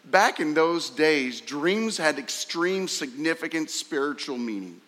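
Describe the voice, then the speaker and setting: A man preaching a sermon, emphatic and fond of rhetorical questions, sometimes jumping sharply higher to act out a scornful voice. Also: animated, unhurried, a bit bright. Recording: long hall reverb.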